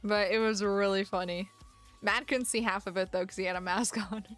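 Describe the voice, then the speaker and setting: A woman's voice: medium pitch, normal speed, soft background music. A young woman livestreamer chatting casually, telling stories with lots of laughter and the odd swear. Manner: animated storytelling, frequent laughter and swearing. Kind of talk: casual chat.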